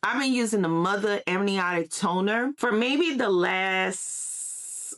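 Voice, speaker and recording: A woman's voice: mid-range voice, takes it slowly, a bit bright. A woman talking in a sassy, emphatic commentary style, often repeating her points. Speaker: social media commentator. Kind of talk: casual gossip commentary.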